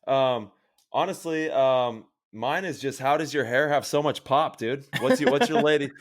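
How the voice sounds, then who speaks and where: A man's voice: mid-range voice, normal speed. Easygoing male podcast co-host. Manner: easygoing, laughs along. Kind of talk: casual chat.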